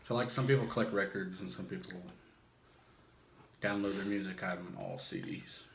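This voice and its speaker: A man with a very low voice chats casually and laughs easily. His voice echoes around the room over a faint hiss. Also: very animated, moderate pace, creaky, fairly bright tone. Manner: laid-back, laughs easily. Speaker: host's husband. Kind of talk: casual chat.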